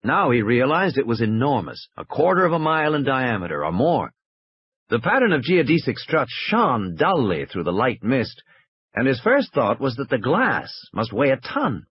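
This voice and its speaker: Expressive male audiobook narrator. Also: mid-range voice, slightly rough, dull audio. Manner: measured, expressive.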